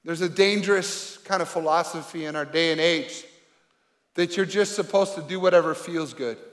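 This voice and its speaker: A male pastor preaches in an earnest, conversational way, asking the congregation questions. His voice sits high for a man. The sound carries a long reverb from a large hall. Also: normal speed, a bit bright. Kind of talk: sermon.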